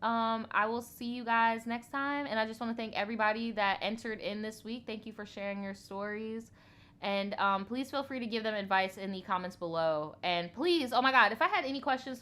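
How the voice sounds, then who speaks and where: Bright-voiced, blunt, swearing woman host. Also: fairly high pitch, brisk. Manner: blunt and profane, chatty asides to viewers. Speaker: storytime host. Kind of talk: casual chat, reading viewer stories aloud.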